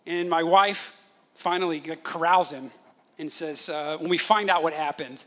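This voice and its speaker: A man in his thirties preaches with a high, ringing voice. His sermon is animated and full of storytelling, and he briefly acts out other people's voices as he goes. He sounds bright and forward. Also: unhurried. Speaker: pastor.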